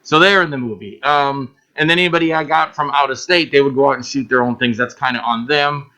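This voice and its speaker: A man chatting casually in an interview, telling animated stories about making films, acting out quotes and swearing freely. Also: mid-range voice, fairly quick. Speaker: guest filmmaker.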